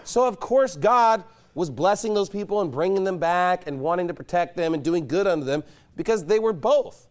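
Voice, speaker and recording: A man preaching a sermon as pastor, emphatic and mocking, pressing his points with loud insistence. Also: sits high, expressive, normal speed. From United States.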